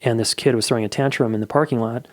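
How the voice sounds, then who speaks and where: A man's voice: mid-range voice, fairly even intonation, quick pace, no echo, studio quality. A middle-aged man hosting a podcast, giving candid, blunt advice in a casual solo monologue and swearing freely. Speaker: podcast host.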